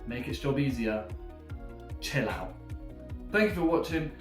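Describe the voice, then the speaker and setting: A man's voice: mid-range voice, a little slow. British man, language coach, laid-back and encouraging, roomy echo, faint music underneath. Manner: relaxed, encouraging, chuckles often. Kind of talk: motivational talk to camera. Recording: echoey room with faint music.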